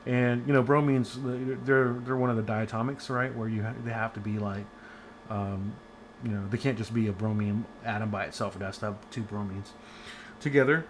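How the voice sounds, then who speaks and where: A man's voice: lowish voice, steady tone, moderate pace, a little hiss or hum. A man giving a casual online chemistry lecture from home, chatty and rambling with many fillers and restarts.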